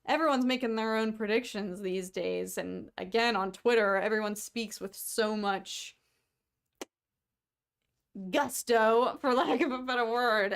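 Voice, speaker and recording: A young woman from the United States, co-hosting a podcast, chatting casually to viewers with quick asides and frequent laughter. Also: mid-range voice, vocal fry. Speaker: podcast co-host. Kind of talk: casual solo chat to viewers.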